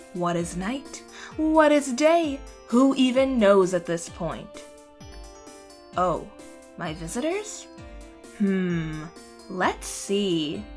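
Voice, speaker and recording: A young woman in a fantasy audio drama delivering a sarcastic, rambling monologue straight to the listener. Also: a little high. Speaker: character trapped alone.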